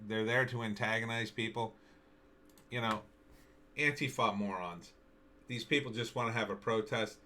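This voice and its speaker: A man giving solo political commentary on news and video clips, indignant and halting, repeating himself and restarting his sentences. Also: on the low side, pushed and bright, a little hiss or hum.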